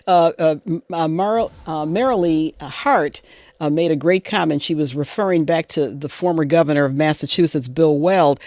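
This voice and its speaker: A woman's voice: sits low, normal speed, a little mellow, no echo, clean studio sound. A woman moderating a panel on a video call, chatty, asking questions and reading out audience comments.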